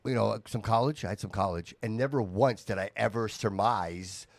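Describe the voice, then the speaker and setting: A man's voice: lowish voice, normal speed, creaky, no echo. A man hosting a casual political talk podcast, speaking emphatically and calling people "dude". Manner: animated, emphatic, says "dude" often. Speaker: podcast host.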